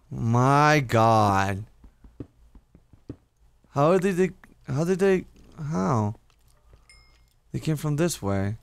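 A man's voice: medium pitch, very animated, drawn-out words, creaky, pauses often, smooth. A young man commentating his own game play, talking to himself, swearing often and repeating words when he panics. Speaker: gaming YouTuber. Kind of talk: casual let's-play commentary.

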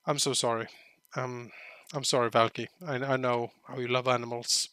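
Bright, dry-voiced man reading a game aloud. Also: mid-range voice, flat delivery, brisk, clear, resonant tone, dry recording. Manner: reads in-game narration aloud with joking asides, bursts into loud outraged shouts. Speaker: let's play commentator.

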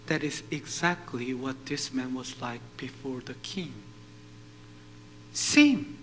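A male pastor preaching a sermon, animated and putting questions to his congregation. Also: medium pitch, a little slow, a little hiss or hum, rough recording.

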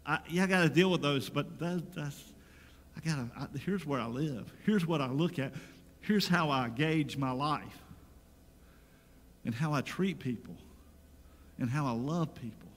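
Pastor guy preaching a sermon, kinda high voice, big echoey church sound, chatty then punchy. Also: measured pace, pauses often, a bit bright. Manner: conversational preaching with scripture readings and rising emphasis. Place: church sanctuary. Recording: long reverb of a church sanctuary.

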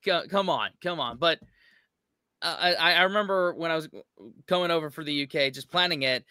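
A bright, clear American man gives casual reaction commentary, stopping and restarting his thoughts. The sound is close and dry. His voice sits a little high. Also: dry recording. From United States. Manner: chatty, halting with restarts. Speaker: reaction channel host.

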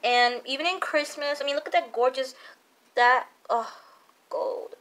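A woman's voice: high-pitched, unhurried, fairly bright tone. A young woman chatting casually as a makeup vlogger, gushing and repeating herself, full of fillers. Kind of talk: casual chat reviewing makeup.

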